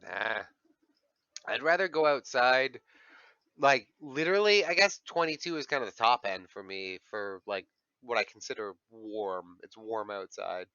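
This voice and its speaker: A man's voice: medium pitch, unhurried, sharp tone, clear, resonant tone, dry recording, highs cut off. A man hosting a livestream, chatting casually with friends on voice chat, full of fillers and the odd swear. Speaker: livestream host.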